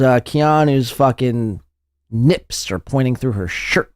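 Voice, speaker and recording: A man's voice: medium pitch, slow pace, darkish tone, dry recording. A man hosting a podcast, reacting to clips with crude, mocking commentary and constant swearing. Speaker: podcast host. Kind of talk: profane commentary over clips.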